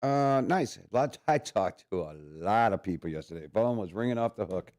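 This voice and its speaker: An easygoing Midwestern man co-hosting morning radio from a studio. His mid-pitched voice swings lively up and down as he tells laughing anecdotes. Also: moderate pace. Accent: Midwestern American. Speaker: radio morning show co-host. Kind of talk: casual morning radio chat.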